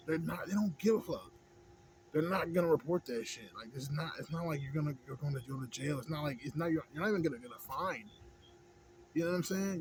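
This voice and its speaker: A man's voice: on the high side, background noise. Profane rambling man ranting. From Houston, Texas. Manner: rambling, heavy swearing, repeats "you know what I'm saying". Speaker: vlogger.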